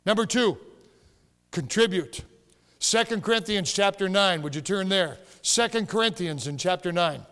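Pastor, male, high-pitched, emphatic storyteller; church hall with long reverb. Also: animated, normal speed, few pauses, clear, resonant tone. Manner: storytelling, emphatic, rising to shouts. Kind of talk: sermon. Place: church sanctuary.

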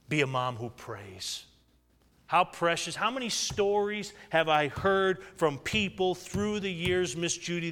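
A pastor in his thirties preaches in a church sanctuary, his voice a little high and fairly bright. He calls out for amens from the congregation in call-and-response style, with echoey hall reverb on the recording.

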